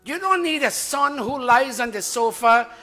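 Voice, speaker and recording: An older man leading a satsang, coaxing his students and chanting Sanskrit slowly between lively explanations. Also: very high voice, faint music behind. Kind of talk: sermon with recitation.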